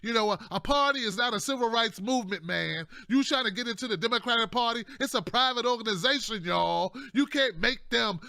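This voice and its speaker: A man's voice: very high voice, a little fast, gravelly, hardly any pauses, sharp tone, clean tone. A man hosting casual political commentary, loose and conversational, often tacking on "man" and jokey asides. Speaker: political commentator, show host.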